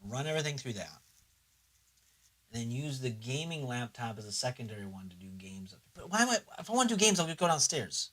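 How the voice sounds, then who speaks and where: A man's voice: medium pitch, very animated, brisk, a bit bright. A young man chatting casually on a livestream, rambling and swearing, sometimes talking himself through his computer setup. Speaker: streamer.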